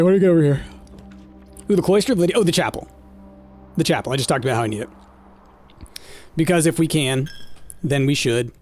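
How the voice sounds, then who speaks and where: In a casual let's-play, a male gameplay streamer with a slightly high voice and a darkish tone thinks aloud about his play. His commentary is loaded with fillers, and he talks directly to his chat.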